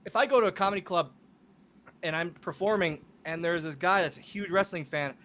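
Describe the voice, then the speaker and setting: A man guesting on a podcast, telling animated, swear-filled stories and acting out the dialogue. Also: sits high, a little fast. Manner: animated, acts out quoted dialogue, swears freely. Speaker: podcast guest, wrestler and comic. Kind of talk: casual storytelling.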